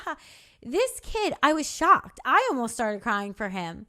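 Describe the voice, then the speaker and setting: A woman's voice: high-pitched, sing-song, measured pace, bright, forceful tone. A young woman hosting a podcast, giving an earnest, faith-based motivational monologue with casual cursing. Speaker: podcast host.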